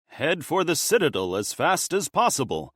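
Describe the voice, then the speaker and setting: A man's voice: on the high side, big pitch swings, moderate pace, slightly rough, dry recording, clean studio sound, pitched above the performer's own voice. A man doing a timid, apologetic necromancer. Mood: deferential. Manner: apologetic, hesitant. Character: timid young male necromancer, unconfident.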